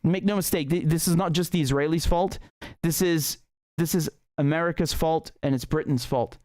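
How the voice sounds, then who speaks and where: A man's voice: on the high side, normal speed, darkish tone, no echo. A man giving impassioned, indignant political commentary, sarcastic at times and repeating phrases for emphasis.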